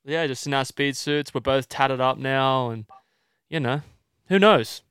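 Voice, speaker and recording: A man co-hosts a podcast, chatting casually in a playful, jokey way. His mid-range voice is fairly bright, clear, and resonant, with a measured pace, and the clean studio sound has no echo.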